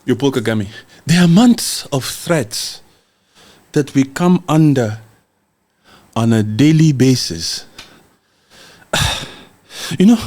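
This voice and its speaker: A man's voice: mid-range voice, lively intonation, slow, long pauses, a little mellow. A man from Congo hosts a podcast livestream, reading viewer comments and speaking in a heated, emphatic way, often repeating words. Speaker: podcast host.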